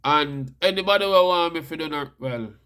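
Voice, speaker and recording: A man's voice: a little high, moderate pace, sharp tone, clear, resonant tone. Jamaican man reciting rhymes in patois. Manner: rhythmic rhyming recitation in patois. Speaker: poet. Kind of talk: casual chat and spoken-word poetry.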